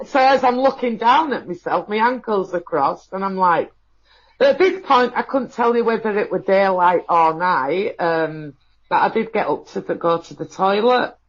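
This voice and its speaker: Halting woman, lo-fi. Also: mid-range voice, animated. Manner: halting, many fillers and restarts. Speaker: guest. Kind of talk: emotional personal account. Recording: dull lo-fi audio.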